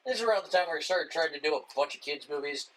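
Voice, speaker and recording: A man's voice: a little high, rapid-fire, rough recording. A man co-hosting a casual movie podcast, riffing with profanity and mocking retellings of plots. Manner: animated, swearing, mocking retellings. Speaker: podcast co-host.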